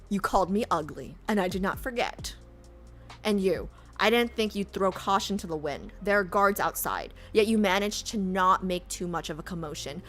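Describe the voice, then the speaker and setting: A woman's voice: mid-range voice, animated, moderate pace, a bit bright, soft background music. A woman streaming herself reading a game story aloud. She reacts in brash, profane, indignant outbursts.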